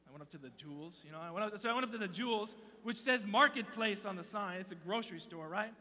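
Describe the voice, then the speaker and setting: A bright, high-voiced man preaching a youth sermon from a stage mic. He tells stories in a lively, joking way and breaks off mid-thought. The sound rings in a large hall with a long reverb. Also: fast. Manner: animated, joking, self-interrupting storyteller. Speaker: youth pastor. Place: large church auditorium stage.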